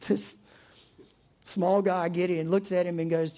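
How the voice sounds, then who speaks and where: A man preaching a sermon, who tells the story in a lively, informal way and acts out the characters. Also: high voice, a little slow. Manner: animated storytelling, acting out quotes, chuckling. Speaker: pastor.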